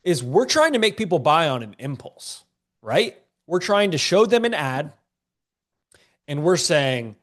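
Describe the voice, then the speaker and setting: A man's voice: on the high side, sing-song, measured pace. A man teaching a live-streamed business class, a bit congested, talking in a casual, joking, slangy way to viewers in a chat. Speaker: online business coach.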